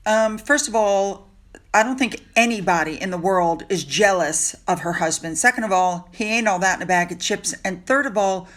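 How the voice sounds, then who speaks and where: A woman's voice: medium pitch, lively intonation, normal speed, fairly bright tone. A woman hosting a commentary monologue, talking in a sarcastic and indignant way. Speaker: commentary channel host.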